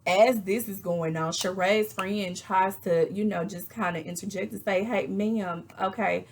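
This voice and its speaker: A woman recapping a reality show in casual, animated chat, acting out quotes with exasperated asides. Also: mid-range voice, moderate pace. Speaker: reality TV reviewer.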